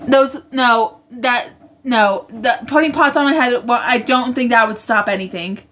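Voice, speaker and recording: A woman's voice: fairly high pitch, a little slow, a bit bright. A woman hosting a casual livestream from home, reading viewer comments aloud and rambling, often stopping to correct herself mid-sentence. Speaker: livestream host. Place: indoors at home, roommate in the next room.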